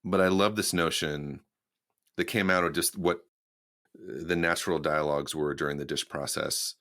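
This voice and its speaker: Very deep-voiced male host. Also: fairly even intonation, normal speed, fairly bright tone. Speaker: podcast host. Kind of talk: casual conversation.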